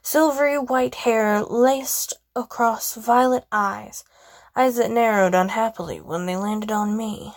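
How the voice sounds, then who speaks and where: A woman reading a first-person game story aloud, expressive, with casual asides. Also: on the high side, slow, no echo.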